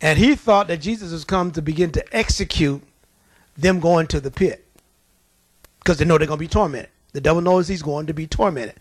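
High-voiced animated male preacher. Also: brisk, no room sound. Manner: animated, colloquial storytelling with chuckles. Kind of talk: sermon.

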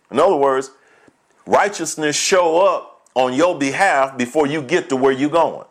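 A man of middle pitch preaching to his congregation. He tells homespun stories in a conversational way and chuckles as he goes. He slows right down to read scripture with weight. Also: lively intonation. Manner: conversational preaching, slow deliberate scripture reading. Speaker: pastor. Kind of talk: sermon.

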